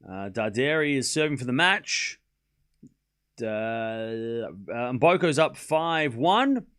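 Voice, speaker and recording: A man hosting a live tennis watchalong stream, calling each rally shot by shot and chatting with his viewers in an excitable way. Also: mid-range voice, slow pace, clear, resonant tone. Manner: excitable, calls rallies shot by shot and talks to chat. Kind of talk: live play-by-play commentary and chat.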